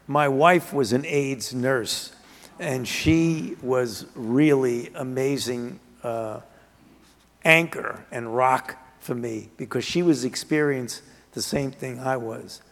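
An older man, a physician and author, telling his story earnestly in a measured way, often restarting his sentences, during an interview on stage before a live audience. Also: medium pitch. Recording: reverberant hall.

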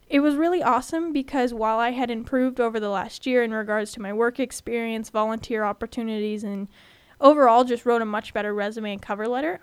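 On a student podcast, a twenty-something woman from California talks openly and chattily about her own experiences, becoming animated when she retells them. Her voice is on the high side and clean, with no echo.

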